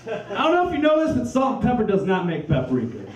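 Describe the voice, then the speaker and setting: Talking fast with wildly swooping pitch, a high-voiced man works through a crude, rambling stand-up bit at his own expense. Crowd laughter echoes around the club, picked up by a far-off microphone.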